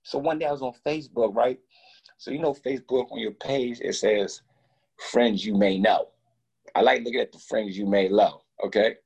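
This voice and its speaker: Man, gravelly husky voice, animated profane storytelling, acts out every voice. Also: mid-range voice, normal speed. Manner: animated, profane, acts out both sides of conversations. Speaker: guest. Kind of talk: casual storytelling.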